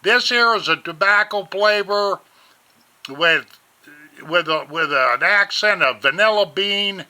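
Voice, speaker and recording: A man's voice: high-pitched, slow pace. A man from Montana, rambling folksily through a casual product review at home on a webcam. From Montana, USA. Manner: folksy, rambling, addresses viewers as ladies and gentlemen. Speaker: vlogger reviewing vape gear.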